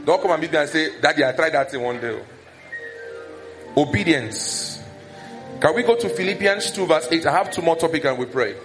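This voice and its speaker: A man's voice: fairly high pitch, normal speed, long pauses, music in the background. A man with a Nigerian accent preaching a sermon as pastor, acting out gossip and scolding in a raised voice. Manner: animated, acts out scolding and village gossip in raised voice.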